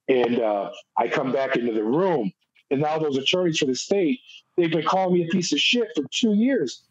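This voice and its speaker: A man's voice: on the high side, lively intonation, moderate pace, breathy edge. A middle-aged American man, a former prison officer, telling his story bluntly and emphatically as a podcast guest. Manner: emphatic, blunt storytelling, acts out quoted people. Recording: dull lo-fi audio.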